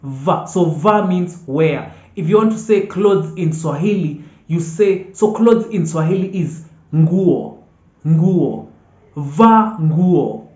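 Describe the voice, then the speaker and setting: A language teacher calmly repeating each vocabulary word several times and checking in with "okay?" as they go. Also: mid-range voice, slow pace. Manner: patient, drills words aloud and checks in with "okay?". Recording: echoey room, dull lo-fi sound.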